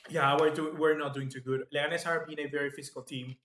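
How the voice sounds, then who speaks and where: A man hosting live football match reaction commentary, chatty and excitable, reading out viewer comments. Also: fairly high pitch, quick pace. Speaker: football fan channel host. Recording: echoey room.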